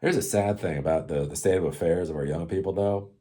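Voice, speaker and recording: A man's voice: sits low, brisk, dark tone. A middle-aged man ranting about politics in a casual, profane, sarcastic way, rambling and often tagging lines with "right?". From United States. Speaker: political commentary host.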